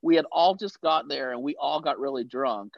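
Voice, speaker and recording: A man who acts, telling lively stories and swearing freely in a casual interview chat. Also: a little high, normal speed, gravelly, no echo, muffled recording. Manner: animated storyteller, swears freely. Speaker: actor guest.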